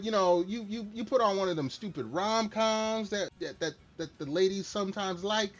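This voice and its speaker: A man's voice: high voice, a bit bright. Rambling middle-aged man streaming a game. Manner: rambling, candid and self-deprecating. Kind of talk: casual chat while streaming a game. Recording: slightly dull lo-fi stream mic with faint music.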